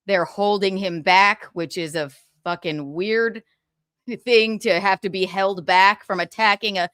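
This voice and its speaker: A woman's voice: mid-range voice, steady tone, a little slow, a bit bright, smooth, dry recording, studio quality. A woman in her thirties hosting a livestream, giving casual gossip commentary with sarcastic, profane asides and laughter. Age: 30s. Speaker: livestream host.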